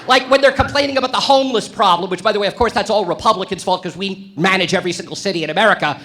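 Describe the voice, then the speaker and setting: A club comic, male and high-voiced with a bright tone, races through a brash, provocative set. The punchlines come out deadpan, captured on a handheld stage mic.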